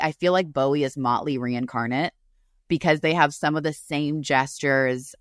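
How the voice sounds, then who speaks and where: A woman's voice: very deep voice, dry recording, clean studio sound. A woman co-hosting a podcast remotely, comforting her friend in a rambling, tearful way. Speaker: podcast co-host. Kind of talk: casual chat. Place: separate room, remote recording.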